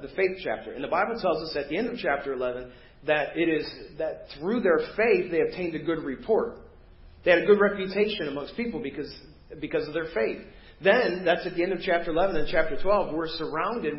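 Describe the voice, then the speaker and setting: Animated pastor in a roomy church. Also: male voice, on the high side. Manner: animated preaching, acts out biblical voices. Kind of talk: sermon. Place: church sanctuary. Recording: roomy, dull church recording.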